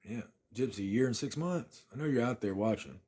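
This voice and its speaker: A man's voice: mid-range voice, animated, fairly quick, dark tone, breathy edge. A man, chatting casually on a phone livestream from his apartment and thanking viewers by name. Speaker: livestream host.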